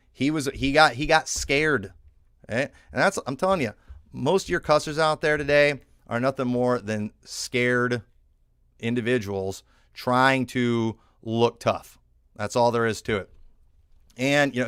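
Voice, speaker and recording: A man's voice: mid-range voice, a bit bright, clear, resonant tone, no echo, clean studio sound. A man from the northern United States, a pastor preaching a conversational sermon with many fillers and restarts, reading scripture aloud now and then. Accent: northern American.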